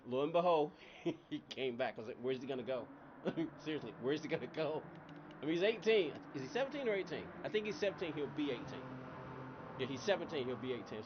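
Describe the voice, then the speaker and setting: A man's voice: medium pitch, muffled recording, slight background noise. A man chatting casually on a live game stream, rambling between stories and laughing often. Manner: chatty, laughs often, voice jumps up when excited. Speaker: gaming livestream host.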